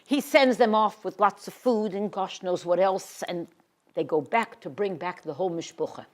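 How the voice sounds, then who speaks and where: A woman giving a Torah lecture. She reads Hebrew verses and then translates them, sinking to a hushed whisper on emotional words. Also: mid-range voice, moderate pace. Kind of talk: expressive Bible lecture.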